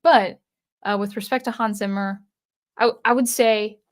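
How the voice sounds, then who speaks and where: A woman's voice: mid-range voice, steady tone, a little slow. A woman hosting a livestream, chatting casually with viewers in a rambling way and answering their comments. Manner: rambling, with many fillers and restarts. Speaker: channel host on a livestream.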